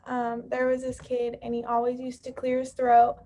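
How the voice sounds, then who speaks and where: A woman's voice: a little high, completely flat delivery, moderate pace, warm tone. A woman student recounting a school memory in a matter-of-fact way during an online class. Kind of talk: class discussion. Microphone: video call.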